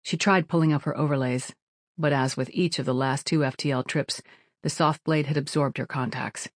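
An audiobook narrator reading in a steady, even manner at a middling pitch. The sound is close and completely dry, with no room around the voice. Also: normal speed, no echo. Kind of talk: scripted narration.

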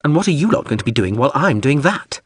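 A man's voice: big pitch swings, quick pace, breathy edge, no room sound, clean studio sound. A man doing a sarcastic, whiny floating drone. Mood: peevish sarcastic. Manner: sarcastic, whiny, pitch leaps high. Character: snide floating drone, male-voiced, touchy and sarcastic. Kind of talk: audiobook character voice.

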